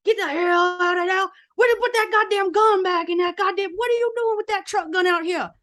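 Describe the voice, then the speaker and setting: A woman voicing an angry small-town sheriff yelling at his son. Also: very high-pitched, brisk, pitched above the performer's own voice. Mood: furious. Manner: yelling, cursing.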